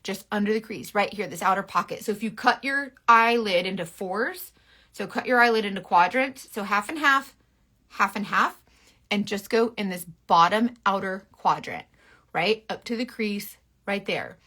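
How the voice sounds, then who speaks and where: A woman giving a chatty makeup tutorial, frank and a little bossy, with quick asides. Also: medium pitch, sharp tone. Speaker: makeup influencer. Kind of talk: casual makeup tutorial to camera.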